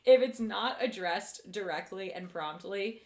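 A woman's voice: mid-range voice, a little slow, darkish tone, roomy sound. A young woman hosting a podcast, chatting casually with her best friend and laughing often. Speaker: podcast host. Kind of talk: casual chat between friends.

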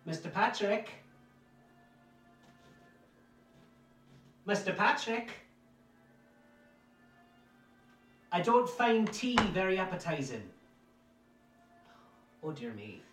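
A man's voice: sits high, very animated, measured pace, a bit bright, reverberant, distant mic, faint music behind, pitched above the performer's own voice, heavily acted. A man doing a flustered, prim old housekeeper. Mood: fretful. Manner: prim, flustered, genteel old-fashioned phrasing. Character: fussy, fretful older housekeeper woman.

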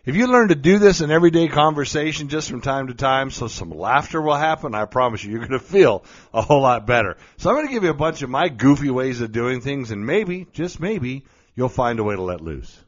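Joking and laughing a lot, a middle-aged man offers playful tips on being goofy in a casual monologue. His mid-range voice is very animated and moves at a fairly quick clip, captured on a dull, lo-fi recording.

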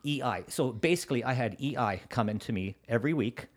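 A man's voice: medium pitch, expressive, fast talker, breathy edge. A man in his forties or fifties from Canada, telling his story as a podcast guest in a casual, profane way and acting out other people. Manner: swears freely, acts out quoted people, laughs often. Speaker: guest, contractor.

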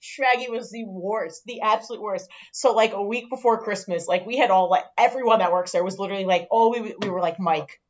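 A woman's voice: medium pitch, a little fast, hardly any pauses. Laughing, profane woman guest, dull mic. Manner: profane, laughing, acts out quotes. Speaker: podcast guest. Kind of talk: casual storytelling chat.

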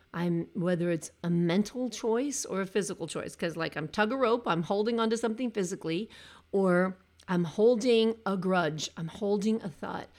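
A woman gives a motivational talk as a coach, earnest and direct. Her voice has a gravelly fry at the edges, at an ordinary mid pitch. She slips into her clients' words as she speaks. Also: a little mellow. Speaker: coach for cancer survivors.

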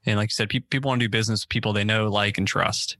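A man hosts a casual interview, talking quickly with a bright, clear tone. He answers with short affirmations and asks brief questions. The sound is dry and close. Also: lowish voice, fairly even intonation, dry recording. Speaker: podcast host.

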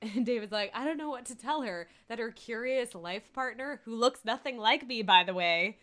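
A woman's voice: on the high side, normal speed, fairly bright tone. A woman chatting casually as a podcast co-host, recapping a TV episode, laughing often and acting out the characters' lines.

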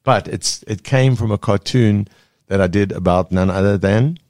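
A South African man, a cartoonist guest in a casual interview, speaking earnestly and pausing to search for words. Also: fairly low pitch, darkish tone, no echo.

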